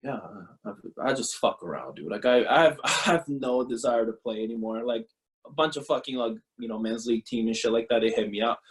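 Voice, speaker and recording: A man in his thirties, a former pro pitcher, talking bluntly and profanely in a casual interview, often laughing. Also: animated, a little fast, low-quality recording.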